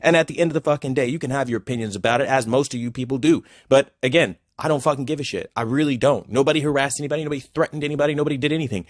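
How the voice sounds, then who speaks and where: A man's voice: medium pitch, rapid-fire, few pauses, no room sound, clean studio sound. A man talking on a video channel in a heated, profane rant, repeating himself as he goes. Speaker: YouTuber.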